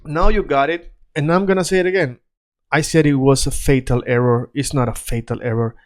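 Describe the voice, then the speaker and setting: Guy explaining grammar, smooth clear voice, lots of "right?" and "okay?". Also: on the high side, steady tone, a little fast. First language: Spanish. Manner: checks in often with "right?" and "okay?"; switches between Spanish examples and English glosses. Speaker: Spanish teacher. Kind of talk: casual explainer lesson.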